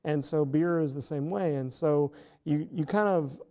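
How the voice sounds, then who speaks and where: A middle-aged man speaks as a guest in a casual interview, his voice mellow with a gravelly edge. He explains patiently, circling back with fillers and restarts as he goes. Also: fairly high pitch, measured pace. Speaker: professor guest.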